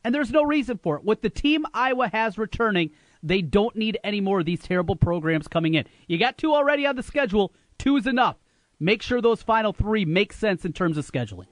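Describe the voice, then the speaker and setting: High-voiced guy on sports radio, fired up and opinionated, dry studio sound. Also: fairly quick, dry recording. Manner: animated, emphatic, opinionated.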